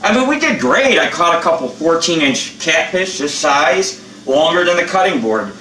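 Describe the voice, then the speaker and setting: A man's voice: on the high side, very animated, normal speed, sharp tone, roomy sound, recorded from a distance, a little hiss or hum, poor audio. An older man who is a channel host, chatting bluntly and rambling with plenty of swearing in a casual how-to vlog.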